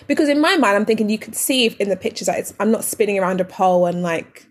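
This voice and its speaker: A woman's voice: mid-range voice, quick pace. A woman co-hosting a casual podcast chat, animatedly telling stories and acting out quoted lines. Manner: animated storyteller, acts out quoted dialogue. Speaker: podcast co-host.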